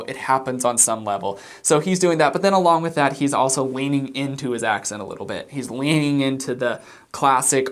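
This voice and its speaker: A man giving reaction commentary as a body language analyst, explaining things in a measured way. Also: fairly high pitch.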